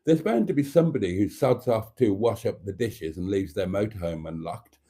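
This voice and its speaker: A man's voice: on the low side, lively intonation, fairly quick, mellow. A British man hosting a casual live stream, camp and teasing, with a stuffy nose. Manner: camp, theatrical, teasing, calls viewers darlings.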